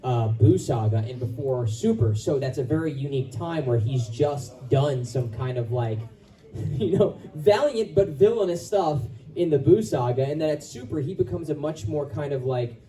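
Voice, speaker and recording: A voice actor on a convention panel who talks casually and rambles a bit. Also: male voice, a little high, expressive, moderate pace, dark tone. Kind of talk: panel talk. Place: convention hall. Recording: from far off in a hall.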